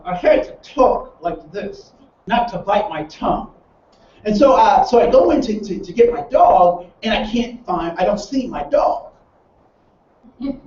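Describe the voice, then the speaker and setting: A man's voice: high-pitched, mellow, slight background noise. A man leading a training seminar, telling stories and asking his audience rhetorical questions. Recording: roomy, distant, dull sound.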